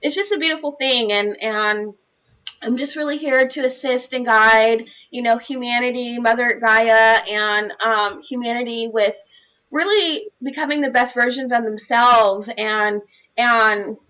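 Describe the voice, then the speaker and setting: A woman's voice: a little high, a little slow, bright, forceful tone, low-quality recording. A woman on a live panel, a life coach, sharing her personal story earnestly and from the heart, with many "you know" fillers over a video call.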